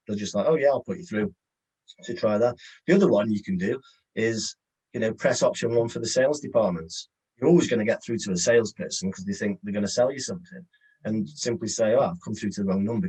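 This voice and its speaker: Chatty husky-voiced English man. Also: fairly low pitch, a little mellow, rough recording. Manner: chatty, conversational, acts out phone calls. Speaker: webinar presenter. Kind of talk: casual online sales workshop.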